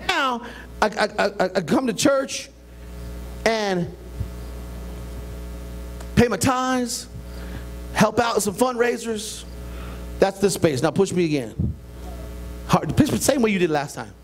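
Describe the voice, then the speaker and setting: An older male pastor preaching in a church sanctuary with a fairly high voice that swings lively up and down. He talks loosely and conversationally from the pulpit. A faint hum sits behind him. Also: slow, long pauses. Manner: animated preaching with a hands-on demonstration, jumping between high and low voices. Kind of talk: sermon.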